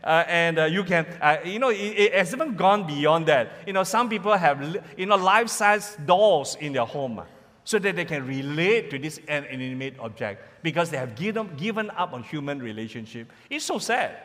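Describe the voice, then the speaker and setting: A man preaching a sermon in an animated, playful way, sometimes imitating sounds for his listeners. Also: on the high side, moderate pace. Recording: long hall reverb.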